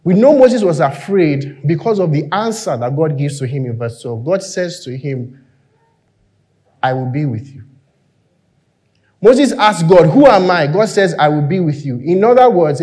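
Animated preacher with a high voice. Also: male voice, normal speed, few pauses. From Nigeria. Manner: animated, acts out biblical figures in quoted voices. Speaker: pastor. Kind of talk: sermon. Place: church hall.

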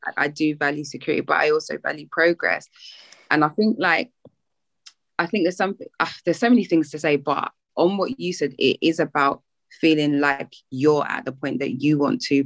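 A woman's voice: low voice, dry recording. A woman in her thirties, a mother, co-hosting a podcast and chatting in a thoughtful, rambling way. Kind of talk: casual chat.

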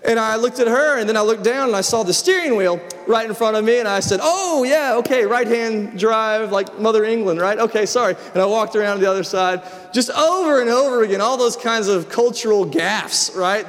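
A middle-aged man, preaching a sermon and telling personal stories in a conversational way with frequent restarts. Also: high voice. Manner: storytelling, conversational with repeated restarts. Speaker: pastor. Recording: long reverb of a large hall.

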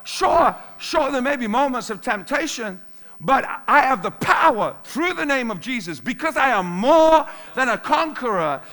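Male pastor giving a sermon, high bright voice, keeps repeating the big lines. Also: big pitch swings, unhurried. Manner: emphatic, repeats key phrases for weight.

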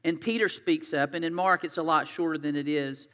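A man preaches a sermon in a high, bright, forceful voice. He talks earnestly and conversationally, retelling scripture in his own words, and his voice rings with a long echo through a church hall. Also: steady tone, a little fast. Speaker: pastor.

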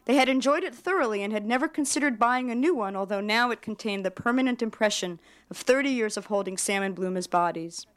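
A woman writer giving a measured literary reading of her own fiction. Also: a little high.

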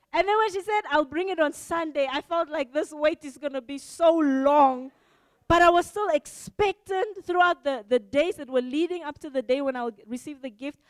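High-voiced animated woman preacher. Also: no room sound, studio quality. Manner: animated storytelling, acting out quoted reactions. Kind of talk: sermon.

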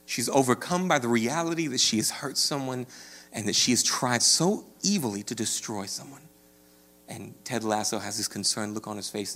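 A man preaching a sermon, conversational and checking in with "right?", rising to animated storytelling. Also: medium pitch. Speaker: pastor.

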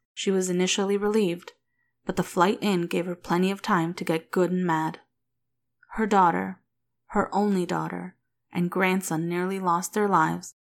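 A woman narrating a story aloud in a calm, even manner. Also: lowish voice, vocal fry. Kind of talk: reading fan fiction aloud.

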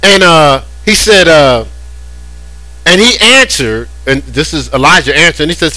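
Animated, bright-voiced male preacher. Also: sits high, fairly quick, rough recording. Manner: animated, conversational preaching with repeated words. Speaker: pastor. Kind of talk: sermon.

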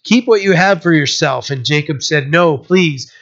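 A male pastor teaches a sermon in a loose, conversational way, putting scripture scenes into everyday words. His voice sits a little high and sounds bright and forceful, with a gravelly edge. The recording is somewhat muffled and lo-fi. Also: normal speed. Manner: informal, retells scripture scenes in everyday speech.

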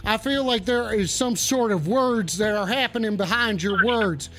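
A man's voice: sits high, moderate pace, background noise, natural voice. A man playing a stoned, blustering cowboy host of a comedic call-in radio show, with a drawling, swaggering, profane way of rambling.

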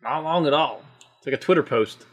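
A man's voice: fairly high pitch, fairly quick. A man co-hosting a podcast, chatting casually and reacting with laughs and disbelief to posts online. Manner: laughing, incredulous, swears freely. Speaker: podcast co-host.

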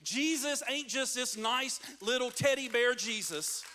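High, bright-voiced preaching man. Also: unhurried, slight background noise. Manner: preaching with rising intensity and call-and-response. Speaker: pastor. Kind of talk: sermon.

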